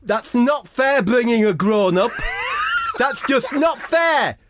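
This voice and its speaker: A man voicing a childish, indignant boy gang leader with a high petulant squeal. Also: huge pitch swings, slow pace, background noise, heavily acted.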